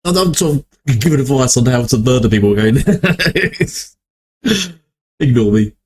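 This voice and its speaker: A man's voice: mid-range voice, lively intonation, a little slow, slightly rough. A young man hosting a reaction video, rambling and correcting himself as he thinks aloud. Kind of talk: casual reaction commentary.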